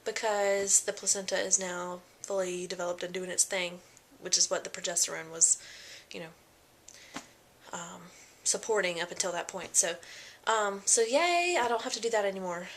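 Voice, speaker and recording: A chatty young woman telling her story to a camera in a relaxed vlog. Her pitch sits mid-range for a woman, and a faint hiss of background noise runs under the voice. She rambles with plenty of fillers and quoted lines. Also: moderate pace. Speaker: vlogger. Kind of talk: casual pregnancy vlog.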